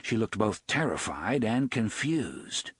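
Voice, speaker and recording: A man narrating a novel as an audiobook in an expressive storytelling read. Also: on the low side, slow, breathy edge, no echo, studio quality. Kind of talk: scripted narration.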